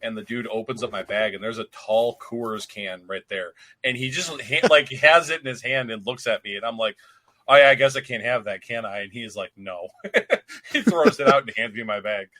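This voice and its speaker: A man's voice: medium pitch, normal speed, sharp tone. A man co-hosting a casual podcast, laid-back with a wry, dry sense of humor. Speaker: podcast co-host. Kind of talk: casual chat.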